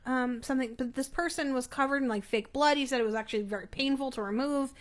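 A woman's voice: high voice, fast. A woman co-hosting a podcast in casual chat, rambling, trailing off and filling with "like". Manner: chatty, trailing off with "like" and "I don't know". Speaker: podcast co-host.

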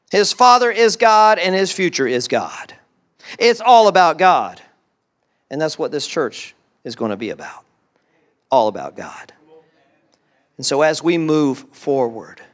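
Animated pastor preaching. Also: male voice, sits high. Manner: animated, repeats words, voices excited quotes. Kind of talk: sermon.

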